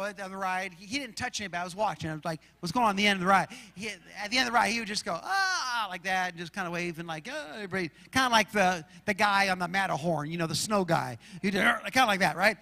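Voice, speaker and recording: A man from Arizona preaching a sermon as pastor, telling stories in an animated way and acting out shouts and roars. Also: sits high, quick pace, creaky, few pauses, long reverb tail. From Arizona, USA.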